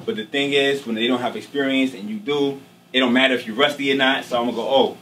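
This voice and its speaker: A man telling a casual, slangy, animated story on stage before a live audience, often checking in with his listeners. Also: medium pitch, fast. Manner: casual, slangy, animated, peppered with "you know what I'm saying". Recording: distant mic, noisy live venue.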